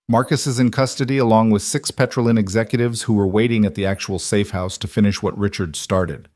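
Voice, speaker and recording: Low-voiced male storyteller. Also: brisk, few pauses, a little mellow, no room sound, studio quality. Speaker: narrator. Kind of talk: scripted story narration.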